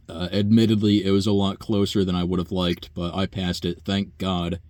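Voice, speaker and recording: A man's voice: deep voice, flat delivery, moderate pace, a little mellow, no room sound. A young man, a nursing home worker, telling a long profane story in a rambling, sighing way. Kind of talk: casual rant monologue.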